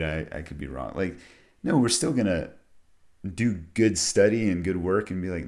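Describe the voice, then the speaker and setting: A man's voice: low-pitched, lively intonation, unhurried, creaky. A young man hosting a podcast, speaking in a thoughtful, hesitant way with frequent restarts. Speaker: podcast host. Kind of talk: casual reflective podcast talk with a read ad. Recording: music playing behind the voice.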